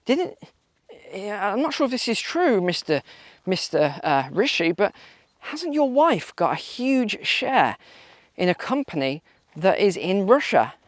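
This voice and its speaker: A man's voice: high-pitched, big pitch swings, measured pace, no room sound, studio quality. A man hosting a walking vlog outdoors, talking in a sarcastic, mocking way. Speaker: vlog host. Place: outdoors on a walk.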